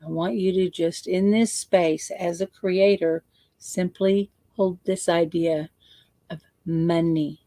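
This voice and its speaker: A woman coach leading a guided visualization, slow and playful, repeating words for emphasis. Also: on the low side, fairly even intonation, dark tone, dry recording.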